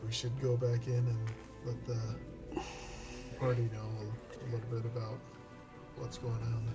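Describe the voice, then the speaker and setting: Flat-voiced male player. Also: mid-range voice, measured pace, over loud music. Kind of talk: tabletop game role-play.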